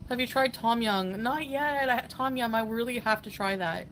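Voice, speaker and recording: A woman's voice: fairly high pitch, normal speed, slight background noise, low-quality recording. A woman chatting casually on a live stream, giggling often and reading out viewer comments. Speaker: travel vlogger on a live stream.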